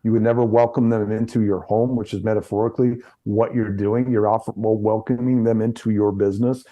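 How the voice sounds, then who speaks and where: A middle-aged chiropractor, appearing as an interview guest, tells anecdotes while often repeating words and restarting sentences. His voice is fairly low with little pitch movement and a brisk pace, and the sound is lo-fi.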